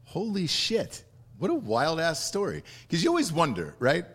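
A man's voice: a little high, wildly swooping pitch, a little fast. A man hosting a casual interview podcast, joking around and swearing freely. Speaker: podcast host.

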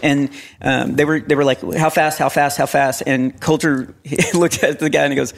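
A middle-aged man co-hosting a podcast, telling a story in quick, chatty casual talk and laughing easily. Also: on the high side, fairly even intonation, vocal fry. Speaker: podcast co-host.

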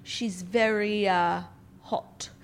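A woman's voice: mid-range voice, steady tone, extremely slow. A woman playing a pompous, snooty British prince in a comedic improv sketch, with a put-on British accent and a haughty, mock-formal manner. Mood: smug.

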